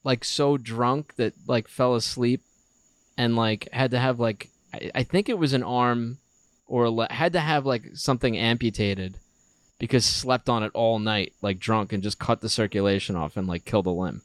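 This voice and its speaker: A man's voice: mid-range voice, moderate pace, dry recording. A man in his thirties, co-hosting a podcast, telling a story in casual chat and acting out a child's lines. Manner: animated storyteller, acts out a child's voice in quotes. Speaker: podcast co-host.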